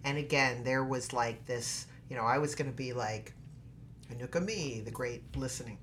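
A middle-aged woman with a low voice tells a story to a podcast host. She acts out each quote with drama and swings in loudness. Soft background noise sits under her voice. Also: normal speed. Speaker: guest, actress. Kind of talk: animated storytelling in a podcast interview.

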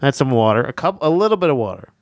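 A man's voice: mid-range voice, sing-song, very fast, dry recording, clean studio sound. A man co-hosting a podcast, rambling and swearing in playful casual banter. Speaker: podcast co-host.

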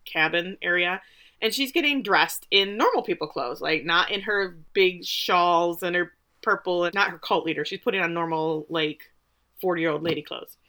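Bright-voiced woman recapping animatedly. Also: lowish voice, normal speed. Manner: animated storytelling, acting out characters' lines. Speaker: podcast co-host. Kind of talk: casual TV episode recap.

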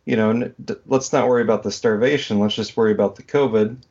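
A man's voice: lowish voice, steady tone, fast talker, a little mellow, breathy edge. Rambling man host asking questions. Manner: rambling, questioning, many "you know" and "like". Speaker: podcast host. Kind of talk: casual podcast conversation. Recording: dull lo-fi podcast audio.

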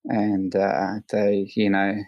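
An Australian man with a fairly low voice tells a long story in a relaxed interview, leaning on fillers and slipping into livelier voices when he quotes people. The sound is dry and close, with no room echo. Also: takes it slowly, creaky, highs cut off. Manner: rambling, many fillers, animated quoting. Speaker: hang glider pilot, guest.

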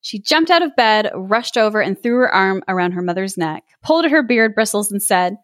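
A woman reads a fairy tale aloud for a podcast, lively and playful with little character voices. Her voice sits at an ordinary middle pitch. The sound is dry and close, with no room around it. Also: a little fast, few pauses, no room sound. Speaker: podcast co-host reading aloud. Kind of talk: storybook read-aloud with chat.

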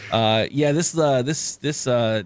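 A man's voice: mid-range voice, takes it slowly. A man co-hosting a casual podcast chat, swearing freely, laughing often and rambling. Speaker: podcast co-host.

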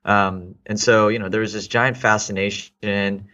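A man's voice: on the low side, fairly even intonation, measured pace, bright, forceful tone, dull audio. A man in his thirties from Texas, a guest in a casual interview, reflecting aloud with many fillers and restarts. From Texas, United States.

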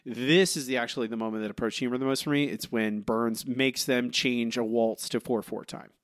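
A man's voice: fairly quick, no echo. Ranting incredulous podcast man, dry sound. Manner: animated, incredulous ranting with rising pitch. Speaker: podcast co-host. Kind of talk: casual podcast chat.

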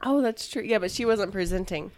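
A woman co-hosting a chatty podcast, animated and laughing, with the hiccups. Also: medium pitch, fairly quick. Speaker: podcast co-host. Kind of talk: casual chat.

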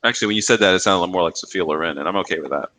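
A man co-hosting a comedy podcast, dropping wry quick remarks in casual chat. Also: deep voice, pushed and bright, a little hiss or hum. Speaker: podcast co-host.

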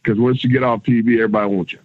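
A husky middle-aged man spins lively road stories, slipping into other people's voices and swearing casually. The sound is dry and close. It comes through a tinny, phone-like line. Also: mid-range voice, rapid-fire, no room sound. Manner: animated storyteller, acts out others' lines, casual swearing. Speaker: guest, former pro wrestler. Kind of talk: casual storytelling interview.

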